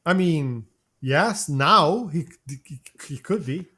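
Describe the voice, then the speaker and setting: A man's voice: fairly high pitch, expressive, slow, sharp tone, a little hiss or hum. A man co-hosting a podcast in casual chat, making crude jokes. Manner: crude, joking. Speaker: podcast co-host.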